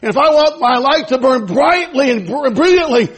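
A man preaching a sermon, swinging between loud fervent exhortation and hushed, low pleading. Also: lively intonation, moderate pace, husky. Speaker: pastor.

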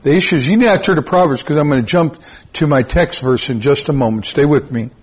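A man preaching a sermon, emphatic and repetitive, with sudden high-pitched rises. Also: brisk, breathy edge. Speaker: pastor.

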